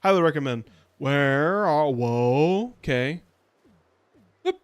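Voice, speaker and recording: A man's voice: on the high side, lively intonation, takes it slowly, smooth, no echo. A man streaming a video game, chatting casually in a rambling way with plenty of fillers. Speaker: VTuber streamer. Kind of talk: casual let's-play commentary.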